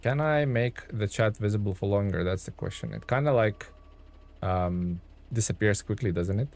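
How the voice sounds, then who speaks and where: This man's voice is lowish and somewhat dark, at a normal speed, as he live-streams a truck game. His commentary mixes chatting with viewers, thanking them, and musing aloud with ums and little chuckles.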